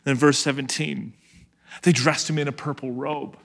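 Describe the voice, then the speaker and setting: A male pastor preaching an energetic, conversational sermon to a live and online congregation. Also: mid-range voice, normal speed, creaky. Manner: energetic, conversational, acts out scenes.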